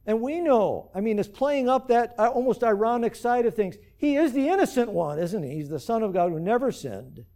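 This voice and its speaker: A man's voice: extremely high pitch, expressive, brisk, few pauses, dark tone. A man preaching a sermon to his church as pastor, earnestly asking the congregation rhetorical questions.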